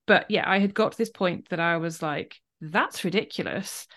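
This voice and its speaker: Lively woman host from Wales. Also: fairly low pitch, fairly quick. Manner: lively, enthusiastic storytelling. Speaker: podcast host. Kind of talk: casual interview chat.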